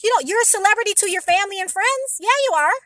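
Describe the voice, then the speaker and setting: A woman's voice: very high-pitched, expressive, rapid-fire, sharp tone, no echo. A woman vlogger giving rambling, emphatic advice to her viewers in a casual monologue, blunt and sometimes swearing.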